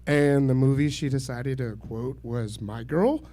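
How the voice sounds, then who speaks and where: A man's voice: mid-range voice, fairly even intonation, unhurried, hardly any pauses, warm tone. A man in his thirties performing a self-deprecating stand-up set at a small open mic, laughing at his own jokes. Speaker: stand-up comedian. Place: small comedy venue.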